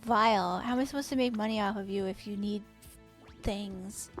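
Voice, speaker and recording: A woman's voice: medium pitch, moderate pace, faint music behind. A woman streaming a game, chatting casually with her viewers, cooing at and teasing the horses and swearing now and then. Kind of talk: casual live-stream chat while gaming.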